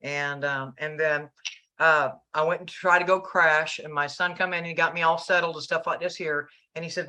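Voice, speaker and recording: A Southern woman in middle age telling a story to friends. Her voice is bright and forward, and she acts out the back-and-forth of the people in it. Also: sits low, normal speed. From American South. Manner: animated storyteller acting out dialogue, laughing. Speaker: channel host. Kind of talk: casual storytelling chat.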